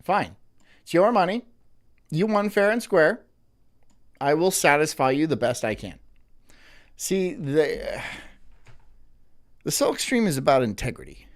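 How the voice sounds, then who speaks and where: A man's voice: fairly high pitch, big pitch swings, slow pace, long pauses. A man hosting a live stream, reading out viewer messages, stumbling, restarting and cursing in exasperated banter. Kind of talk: casual live-stream chat.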